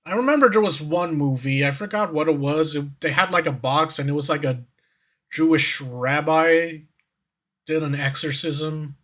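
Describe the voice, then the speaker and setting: A man's voice: on the high side, moderate pace, fairly bright tone. A man streamer giving casual reaction commentary who rambles, swears, and fills his talk with fillers and restarts.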